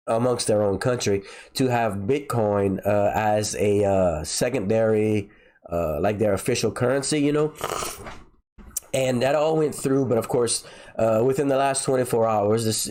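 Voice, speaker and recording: A man's voice: fairly low pitch, a little mellow. A man hosting his own video channel in a casual solo talk, sounding stuffy from a head cold and rambling with many filler words and restarts. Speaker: crypto channel host.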